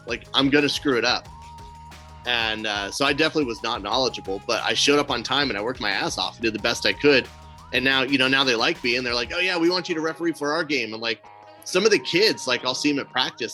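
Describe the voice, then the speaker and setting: A medium-pitched man talks fast against soft background music. He's a podcast co-host in casual conversation, telling stories with animation, voicing the quotes himself, and tossing in swear-laden, blunt comments.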